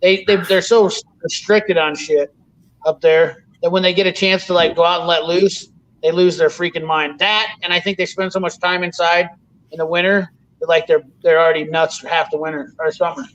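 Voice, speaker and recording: Give me a high-voiced man in casual podcast chat, rambling and swearing, with a dull lo-fi sound. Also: fairly even intonation, normal speed, fairly bright tone. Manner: rambling storyteller, swears freely. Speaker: podcast host.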